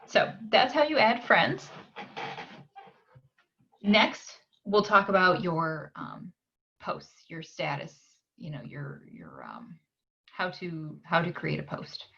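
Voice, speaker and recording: A woman from a library talking through a software tutorial on her screen, unhurried and pausing with "um" as she clicks along. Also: lowish voice, huge pitch swings, gravelly, slightly rough, lo-fi sound. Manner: unhurried, frequent "um" pauses while clicking.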